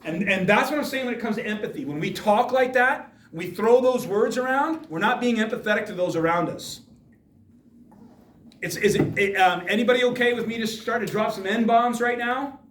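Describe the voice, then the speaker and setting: A man with a high-pitched, slightly bright voice gives an emphatic motivational talk to students in a school hall at a moderate pace. He fires rhetorical questions at the audience. The sound is echoey and recorded from far off.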